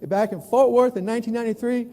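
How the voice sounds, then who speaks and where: A man in his sixties from New York City, giving an animated storytelling keynote talk. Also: very high-pitched, fast talker. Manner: animated, acts out other people's voices. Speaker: keynote speaker, newspaper columnist. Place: large conference hall. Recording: echoey hall with long reverb.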